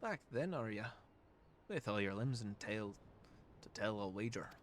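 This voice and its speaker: A man voicing a gruff, brash male guild tavern boss who speaks in rough working-class slang, read aloud while playing a game. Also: fairly low pitch, animated, unhurried, slight background noise.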